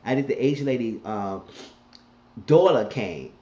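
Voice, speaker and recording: A man's voice: medium pitch, animated, a little slow, mellow. A man casually recapping a TV episode, rambling and colloquial as he retells the scenes. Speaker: TV show recapper. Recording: dull lo-fi recording.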